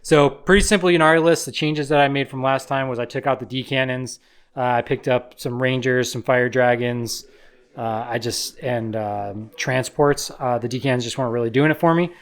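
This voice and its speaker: A man's voice: medium pitch, moderate pace, clean tone. Laid-back man talking through a game. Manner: laid-back, filler-heavy, explains deployment. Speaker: co-host player. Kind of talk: casual battle report talk.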